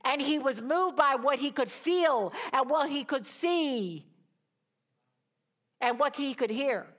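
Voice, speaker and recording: Animated woman preaching a sermon. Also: high-pitched. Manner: animated storytelling with emphatic pauses.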